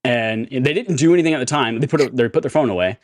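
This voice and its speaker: A man co-hosting a casual podcast, telling stories in an animated, profane way. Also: mid-range voice, quick pace, slight background noise. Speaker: podcast co-host. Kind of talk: casual chat, storytelling.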